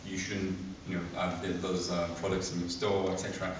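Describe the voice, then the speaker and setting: A man from France, telling anecdotes as an audience speaker at a book launch in a halting way full of fillers and restarts. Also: low-pitched, completely flat delivery, slight background noise. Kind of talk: anecdotal public talk. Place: large echoey room at a public event. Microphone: distant room mic. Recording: echoey, lo-fi, from far off.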